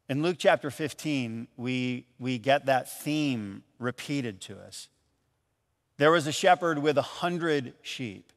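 A man from Michigan preaching a sermon as pastor, telling a story in a lively, animated way and acting out the voices in it. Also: mid-range voice, slow pace, big-room sound. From Michigan, USA. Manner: storytelling, animated, acts out calls and quotes. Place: church.

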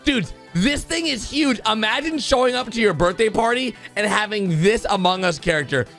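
A man gives hyped-up commentary over faint background music. His voice sits very high and leaps around, with a gravelly edge. He keeps exclaiming as he goes. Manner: excitable, exclaiming, quick gasps and laughs. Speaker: YouTube host. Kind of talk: excited reaction commentary.

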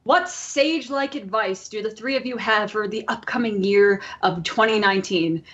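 A woman's voice: medium pitch, moderate pace, highs cut off, slight background noise. A woman with an upstate New York accent co-hosting a casual podcast, chatting and rambling with fillers. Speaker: podcast co-host.

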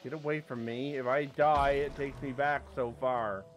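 A man's voice: mid-range voice, steady tone, normal speed, muffled recording, soft background music. A man giving casual commentary as he plays a game, talking to the creatures on screen and breaking into sudden yelps and exclamations. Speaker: let's play host.

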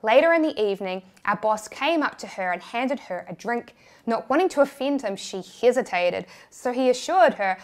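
A woman's voice: on the high side, lively intonation, measured pace. A young woman with a New Zealand accent narrating a personal story with candid, self-deprecating humor.

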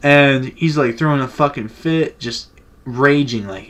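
Young male vlogger, relaxed and profane story-time delivery. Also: medium pitch, measured pace. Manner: laid-back, profane storytelling.

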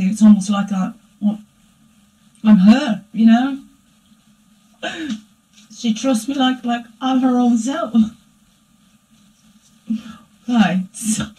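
A woman voicing her own playful alter-ego dark side, giving a rambling, chatty spiritual reading that keeps asking "right?". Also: a little high, low-quality recording. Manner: rambling and chatty, tagging "right?" onto lines. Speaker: spiritual reader. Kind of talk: spiritual daily energy reading.

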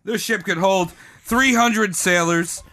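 A man's voice: high-pitched, slow, sharp tone. A man hosting a comedy history podcast, telling the story in a loose, crude, joking way. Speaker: podcast host.

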